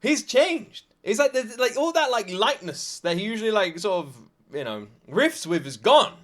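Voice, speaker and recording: A British man hosting a reaction video, casual and excitable, exclaiming and laughing often. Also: high-pitched, normal speed. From Britain.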